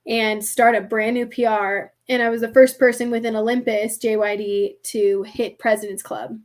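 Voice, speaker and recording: Chatty higher-voiced young woman storyteller. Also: normal speed. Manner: animated, heavy use of "like", acts out quoted voices. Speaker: podcast guest. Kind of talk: casual storytelling.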